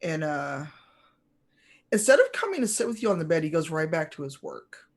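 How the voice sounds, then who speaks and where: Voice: medium pitch, big pitch swings, normal speed. Rambling game master narrating a tabletop game. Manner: rambling, many fillers and restarts.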